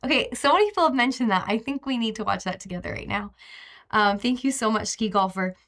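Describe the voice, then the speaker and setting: A woman's voice: fairly high pitch, quick pace, a bit bright. Chatty young woman on a live stream. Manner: chatty, rambling, emotional, many fillers. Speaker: streamer hosting a live recap. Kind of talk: casual live-stream chat.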